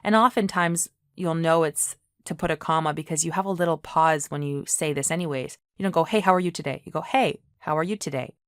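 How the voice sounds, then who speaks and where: Low-voiced woman teaching grammar. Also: fairly quick, hardly any pauses, a bit bright, no echo, studio quality. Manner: clear, patient explaining with frequent "okay?" checks. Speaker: English teacher. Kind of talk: online grammar lesson.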